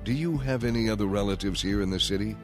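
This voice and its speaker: A man's voice: lowish voice, fast talker, music in the background, natural voice. A man voicing stern angels giving urgent, commanding warnings in a storybook reading.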